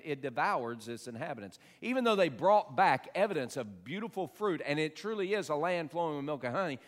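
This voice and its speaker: Man preaching a sermon, emphatic swings. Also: fairly high pitch. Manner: swings from hushed asides to loud, emphatic preaching; reads scripture aloud with slow, stressed delivery. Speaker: pastor.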